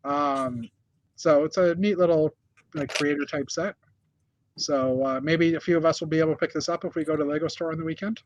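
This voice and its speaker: A man's voice: fairly high pitch, fairly even intonation, brisk, highs cut off, slight background noise. A man hosting a casual news chat from a hotel room, rambling with many fillers and restarts. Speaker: host.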